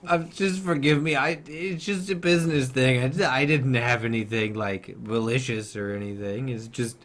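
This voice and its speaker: A man's voice: fairly low pitch, steady tone, normal speed, fairly bright tone. A man voicing a guilt-ridden middle-aged inventor father who pleads and apologizes. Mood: pleading.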